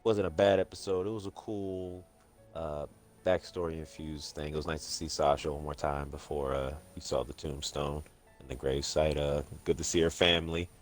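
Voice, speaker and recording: A man in a casual group chat, relaxed and joking. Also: a bass voice, moderate pace, faint music behind.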